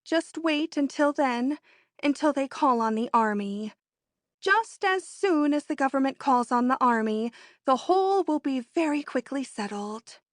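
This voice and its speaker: An excitable young society woman, voiced by a woman reading a storybook, bursts out in high, emphatic exclamations. Her voice sits well above an ordinary woman's register and is recorded close and dry. She comes across as bold and eager. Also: measured pace, no echo. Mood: impatient. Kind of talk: audiobook character voice.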